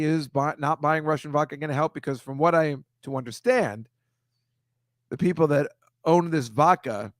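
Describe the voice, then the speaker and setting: A man with a somewhat high voice hosts a comedy show, ranting in an exasperated, casual way as he comments on pictures. His delivery wanders into quick asides and grumbles. The sound is dry and close. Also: no echo. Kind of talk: casual monologue over pictures.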